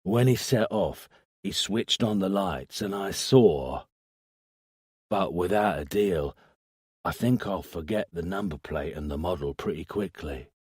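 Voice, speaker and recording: A man's voice: low-pitched, lively intonation, unhurried, breathy edge, dry recording, studio quality, exaggerated voice. A man voicing a crude, smug small-time crook who tells police his story hesitantly and bargains for a deal. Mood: sullen. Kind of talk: audiobook character voice.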